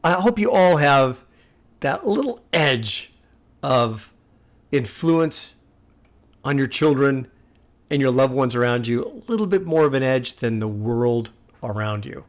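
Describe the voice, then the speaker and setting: A man's voice: mid-range voice, expressive, a little slow. A man hosting a music reaction video, talking earnestly and repeating himself like a sermon. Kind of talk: casual reaction commentary.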